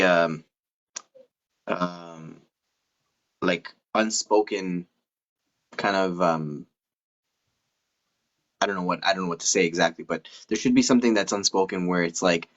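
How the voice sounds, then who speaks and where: A man's voice: low voice, a little slow, pauses often, fairly bright tone, highs cut off. A man speaking as a guest in a casual live chat, hesitant and full of fillers.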